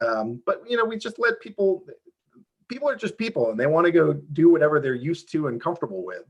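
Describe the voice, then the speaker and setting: A man being interviewed over a video call, explaining how his game works in a lively, fast, self-interrupting way. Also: a little high, breathy edge, highs cut off. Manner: animated, talks fast with many restarts and fillers. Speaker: game developer guest.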